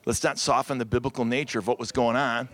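A middle-aged man from Cleveland, Ohio, a pastor giving a conference talk to ministry couples, lively and joking, calling out to his audience and often repeating words as he speaks. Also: medium pitch, fast talker, no echo. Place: conference room with round tables.

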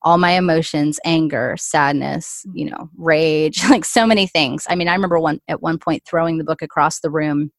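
A woman's voice: sits low, steady tone, moderate pace, few pauses, no echo. A woman in her forties telling an emotional personal faith story as an interview guest, earnest and full of "like.". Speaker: guest author.

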